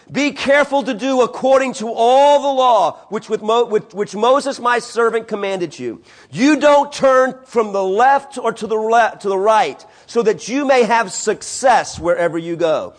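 High-voiced man preaching with emphasis. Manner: emphatic, repeating phrases and swinging from hushed to raised. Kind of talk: sermon.

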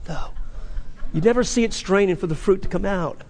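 Pastor guy preaching, pretty high voice, chatty then jumps up loud on key words, echoey church hall. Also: lively intonation, a little fast. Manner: conversational preaching with sudden high emphatic bursts. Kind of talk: sermon. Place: church sanctuary. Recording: long reverb of a large hall.

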